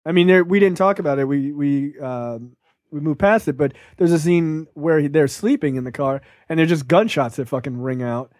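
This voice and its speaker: A man's voice: on the high side, normal speed, a little mellow, dry recording, clean studio sound. A man co-hosting a podcast, chatting casually about a film, loose and profane, laughing often. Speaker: podcast co-host.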